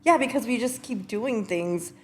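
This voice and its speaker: A woman's voice: a little high, expressive, moderate pace, a little mellow, slight background noise. A woman chatting casually on a podcast, joking and playful. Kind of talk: casual chat.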